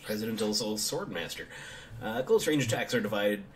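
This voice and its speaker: Chatty guy doing a let's play, swoopy pitch, reads the tutorials out. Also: lively intonation, brisk, slight background noise. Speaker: gaming streamer. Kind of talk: casual let's play commentary.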